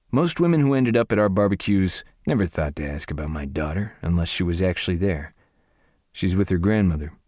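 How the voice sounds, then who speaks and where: A man narrating a first-person audiobook in a steady, wry storytelling manner. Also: low-pitched, no echo, studio quality.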